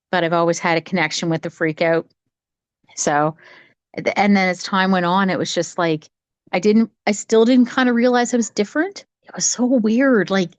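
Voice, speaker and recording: A woman talking casually from home on a video call, telling a childhood story in a rambling, animated way with many restarts. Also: mid-range voice, no room sound. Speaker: psychic medium sharing her story. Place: home, cat nearby.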